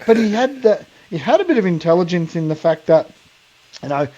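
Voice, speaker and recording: A man's voice: high voice, big pitch swings, a little fast, warm tone, muffled recording. An Australian man co-hosting a podcast, telling a rambling funny story in casual mate slang and laughing along. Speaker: podcast co-host.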